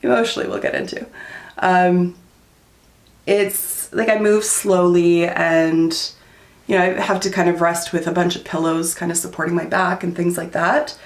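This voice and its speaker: A woman in her thirties talks through her makeup routine in a loose, candid vlog chat, with lots of "um" and "like". Her voice sits a little low and has a gravelly edge. The room around her sounds echoey. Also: fairly even intonation, moderate pace. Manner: chatty, candid, frequent "um" and "like". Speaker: beauty vlogger. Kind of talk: casual chat while doing makeup.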